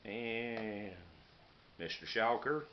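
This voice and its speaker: A man, rambling casually and hurrying through his unboxing vlog. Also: on the low side. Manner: folksy, rambling, hurried. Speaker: YouTuber showing knives and meal kits. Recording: muffled lo-fi camera audio with noise.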